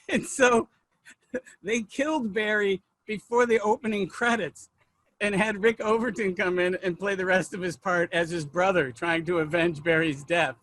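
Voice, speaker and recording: A man's voice: high voice, fairly even intonation, moderate pace, a bit bright, no echo. A man, a comedian and filmmaker, telling rambling, self-mocking stories in an interview. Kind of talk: anecdotal interview storytelling.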